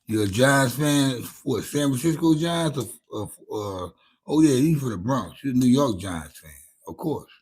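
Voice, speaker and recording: A middle-aged man with a Louisiana accent answers his stream's chat in a laid-back, rambling, profane way. His mid-range voice is animated yet unhurried, with a darkish, slightly rough tone.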